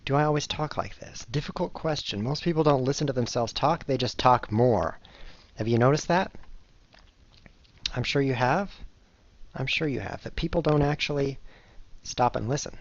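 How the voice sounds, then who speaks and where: A man's voice: mid-range voice, normal speed, pauses often. Rambling self-mocking male chess streamer. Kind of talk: casual live-stream commentary while playing. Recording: dull lo-fi recording with faint noise.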